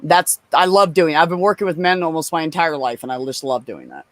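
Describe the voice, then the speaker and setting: A woman telling profane, animated stories in a casual chat as a guest. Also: low-pitched, quick pace, dry recording.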